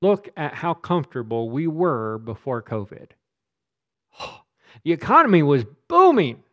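Emphatic preacher with a fairly high voice. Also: male voice, sing-song, measured pace, dull audio. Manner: emphatic, repeats words when stressing a point. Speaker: pastor. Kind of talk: sermon.

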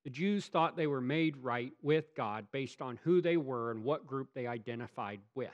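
A pastor delivering a sermon, emphatic and swinging from loud to hushed, asking rhetorical questions of the congregation. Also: male voice, mid-range voice, normal speed, muffled recording.

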